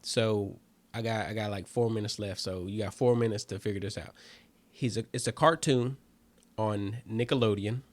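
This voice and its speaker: A man's voice: fairly low pitch, steady tone, moderate pace, no room sound. A comedian hosting his own show, chatting casually and loosely to listeners with lots of fillers and calling them family. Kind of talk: casual solo chat to listeners.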